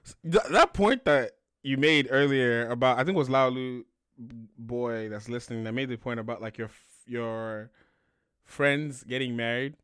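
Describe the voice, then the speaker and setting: A man's voice: medium pitch, moderate pace, fairly bright tone, clear, resonant tone, no room sound, clean studio sound. A young man from Nigeria, co-hosting a casual chat, joking and emphatic. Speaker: podcast co-host.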